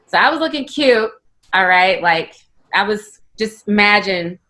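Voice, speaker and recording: A woman in her thirties, a comedian, telling a story in a chatty, animated way over a video call. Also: mid-range voice, a little slow. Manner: chatty, animated, lots of "like" and "you know".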